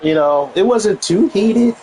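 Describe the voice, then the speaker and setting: A man's voice: high voice, expressive, unhurried, dark tone, a faint crowd, a little hiss or hum, rough recording. Blunt, profane man streamer chatting. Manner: blunt and profane, laughs often, reads and answers chat. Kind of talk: casual chat with live chat.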